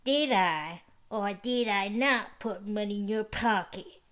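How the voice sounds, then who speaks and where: Casting: woman voicing a sneering, slow-talking young tough demanding money. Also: mid-range voice, fairly bright tone. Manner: snarling, sneering. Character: snarling rough young male handyman.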